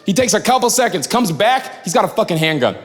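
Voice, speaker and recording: Animated male stand-up comic in hall. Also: sits high, fast talker. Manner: animated storytelling, shouting punchlines, acting out characters. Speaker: stand-up comedian. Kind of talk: stand-up comedy set. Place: large hall before a live audience. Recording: live hall reverb, loud crowd. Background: crowd laughing.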